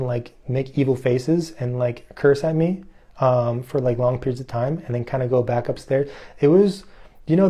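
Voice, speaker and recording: A man telling a rambling, excitable story in casual speech, full of fillers and restarts. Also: mid-range voice. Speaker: fasting vlogger.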